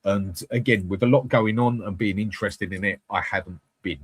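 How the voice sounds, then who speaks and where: A man's voice: fairly low pitch, steady tone, moderate pace, husky, dry recording. A man hosting a live fan channel, chatting bluntly with viewers and swearing freely. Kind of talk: live-stream chat reading comments.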